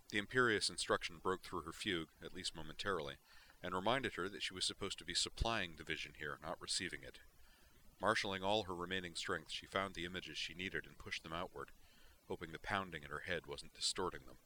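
Man, audiobook narrator, steady, expressive, faint hiss. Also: deep voice, brisk. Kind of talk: audiobook reading of fan fiction.

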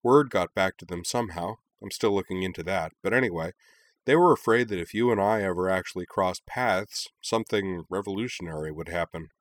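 A man voicing a cheerful, wry young woman who speaks briskly. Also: low voice, close to an everyday voice. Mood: explaining.

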